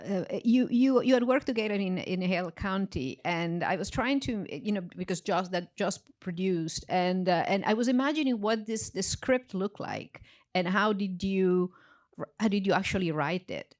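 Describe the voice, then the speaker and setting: Woman moderator in a cinema, halting and full of restarts. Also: medium pitch, expressive, a little mellow. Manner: halting, many restarts and fillers. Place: big cinema theater.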